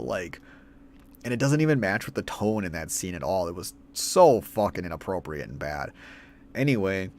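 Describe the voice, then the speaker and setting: A man's voice: on the low side, fairly quick, darkish tone. A man ranting through a film review in a profane, exasperated way.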